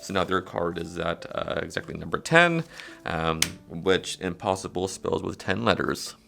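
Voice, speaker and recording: A man's voice: low voice, expressive, normal speed, creaky, music in the background. A man casually teaching a card trick step by step, with frequent fillers, counting cards aloud as he demonstrates. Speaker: magic tutorial presenter.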